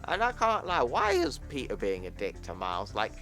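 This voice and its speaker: A man's voice: mid-range voice, wildly swooping pitch, normal speed, fairly bright tone, soft background music. A man hosting a comic book channel, recapping a story in a casual, slangy, offhand way. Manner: slangy and offhand, says yo, bro, fam.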